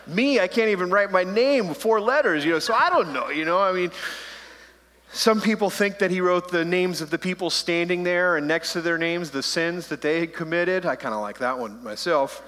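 A man's voice: fairly high pitch, normal speed, fairly bright tone. A man preaching a sermon as pastor, conversational and playful, slipping into joking voices. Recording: long hall reverb.

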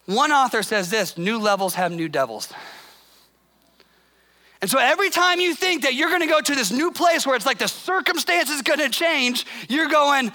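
A male pastor preaching a sermon in a conversational way, acting out what people say and dropping soft and low to stress a point. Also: lively intonation, normal speed. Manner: conversational, acts out quoted voices; drops to a soft, low intensity for emphasis.

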